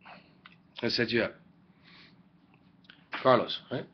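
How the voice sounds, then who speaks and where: A man's voice: mid-range voice, measured pace, a little hiss or hum. A man lecturing a class in a rambling, joking way, full of rhetorical questions, recorded on a webcam. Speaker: teacher. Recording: dull lo-fi webcam audio.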